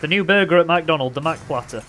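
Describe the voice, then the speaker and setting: A young man casually commentating his own racing game, playful and excitable, with loud bursts of trash talk. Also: on the high side, fast. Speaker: gaming commentator.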